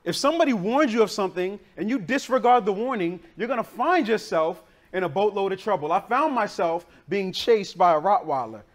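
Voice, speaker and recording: A man preaching a sermon, telling a childhood story in a casual, slangy, animated way, originally from the northern United States. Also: sits high, brisk, few pauses. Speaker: pastor.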